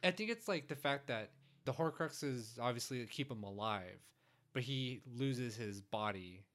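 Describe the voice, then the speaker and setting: A man in a relaxed, casual conversation about a movie, with an ordinary mid-pitched voice. He is agreeable and thinks aloud, filling pauses as he works out what to say. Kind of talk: casual film discussion.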